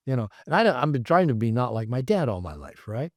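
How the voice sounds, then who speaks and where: A man, a therapist and author, telling stories in a casual interview, rambling and animated with many fillers. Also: mid-range voice, fast talker, no room sound, clean studio sound. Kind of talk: casual conversational storytelling. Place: his home.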